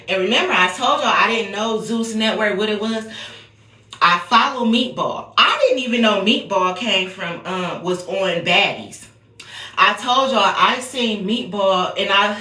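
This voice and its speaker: A woman's voice: medium pitch, bright, forceful tone. Blunt, profane woman in an echoey room. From United States. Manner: profane, blunt, chatty, sing-song refrain. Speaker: psychic reader. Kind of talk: casual intuitive-reading vlog.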